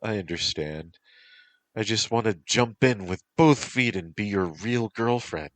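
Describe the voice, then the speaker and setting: A man voicing a sweet, devoted young woman who is a dream spirit, speaking softly and affectionately in a storybook reading. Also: on the low side, a little slow, no echo, voice pushed up, natural voice. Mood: earnest. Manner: soft and affectionate.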